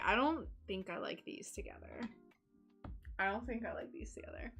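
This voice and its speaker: Giggly livestreamer, high lively voice, unhurried chat, thinking aloud. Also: female voice. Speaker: stained glass crafter streaming live.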